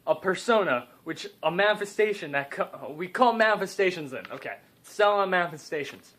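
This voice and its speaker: A man's voice: high-pitched, lively intonation, brisk, hardly any pauses, a bit bright. A young man improvising a comedic story, rambling and cutting in with joking asides.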